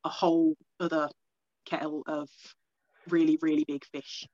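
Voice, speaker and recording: A young woman from England telling a long personal story as an interview guest, rambling quickly with lots of "like" and acted-out self-talk. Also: deep voice, little pitch movement, mellow, dry recording, lo-fi sound.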